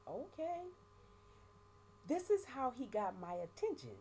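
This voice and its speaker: A middle-aged woman giving a halting, emotional personal testimony, often repeating words and speaking of her faith. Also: low voice, a little mellow, slight background noise. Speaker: vlogger sharing life after prison.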